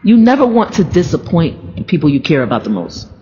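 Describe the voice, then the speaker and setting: Woman, casual devotional talker, very lively intonation, muffled lo-fi take with long reverb. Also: deep voice, brisk. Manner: animated, laughing, repeating words. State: sleepy with allergies. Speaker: church member sharing devotional thoughts. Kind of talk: casual faith talk. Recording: reverberant, dull lo-fi sound.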